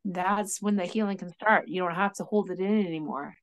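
A woman podcast host speaks in a soft, affirming way, answering her guest with encouragement. Her voice sits a little low for a woman. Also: steady tone, a little fast. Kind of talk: supportive interview.

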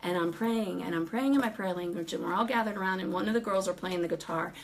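A woman telling a ministry story in casual talk, animated and laughing often as she acts out what people said. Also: on the low side, fast talker, gravelly.

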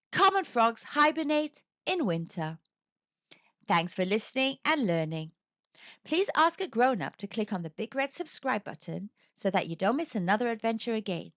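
A woman reading a picture book aloud to young children in an expressive storytelling manner. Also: a little high, no echo. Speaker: storybook reader. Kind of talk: children's read-aloud narration. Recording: dry, slightly dull recording.

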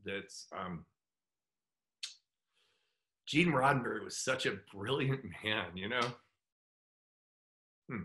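A middle-aged man speaking as a guest in a casual interview, halting and heartfelt. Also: on the low side, bright, forceful tone. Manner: halting, full of fillers and restarts; heartfelt, open about his feelings. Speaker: guest actor.

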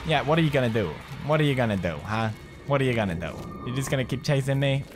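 A man's voice: mid-range voice, lively intonation, quick pace, music in the background. A young man in his twenties giving jumpy, swearing commentary while playing a horror game. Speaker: gamer commentator.

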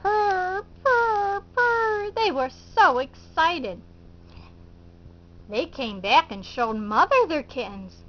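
A woman storyteller reading to preschoolers at a very slow, deliberate pace, her voice high and sing-song. She keeps inviting the little listeners to join in. The recording is muffled and lo-fi. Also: sing-song. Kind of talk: preschool felt-board storytelling. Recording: dull lo-fi recording.

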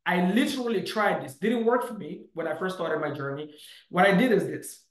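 A man coaching to camera in a punchy, emphatic way, with lots of "bam" and "boom". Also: moderate pace, echoey room, rough recording. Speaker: real estate coach. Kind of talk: motivational teaching to camera.

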